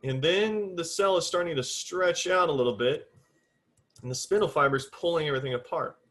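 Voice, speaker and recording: The biology teacher, with a slightly high and fairly bright voice, moves briskly through a recorded classroom lecture while drawing on the board. He talks to students plainly and informally, enforces exact terminology, and counts aloud during his drawing.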